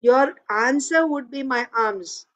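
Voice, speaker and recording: A woman voicing an insistent wandering male ascetic who makes slow, deliberate demands. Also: high voice.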